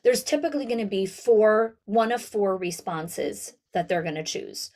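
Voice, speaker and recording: A woman speaks to school leaders in an online town hall session, coaching them in a direct, lively way. Her voice sits at an ordinary middle pitch for a woman. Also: normal speed. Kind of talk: webinar talk.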